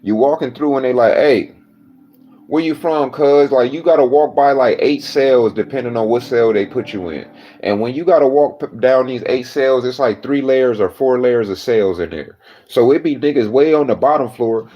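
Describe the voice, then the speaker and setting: A man's voice: mid-range voice, moderate pace, muffled recording. Profane man telling a jail story. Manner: blunt, swears constantly, acts out voices of people in the story. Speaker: storyteller recounting jail time.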